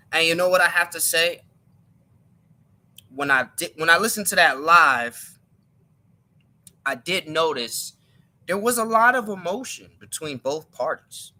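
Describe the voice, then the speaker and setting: A man speaks his mind on a live stream, emphatic and insistent. His voice is very bright and sharp, and it sits a little high for a man. He often stumbles, repeating and restarting words as he pushes his point. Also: lively intonation, slow, long pauses. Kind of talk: live-stream opinion monologue.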